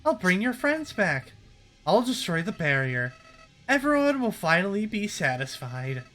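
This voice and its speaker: A gleeful, menacing flower monster from a video game taunts the hero in a fairly high voice, as a man reads its lines aloud. The words come slowly and deliberately, each threat drawn out. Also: big pitch swings, fairly bright tone, heavily acted. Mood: taunting. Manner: reading game dialogue aloud, slow and taunting.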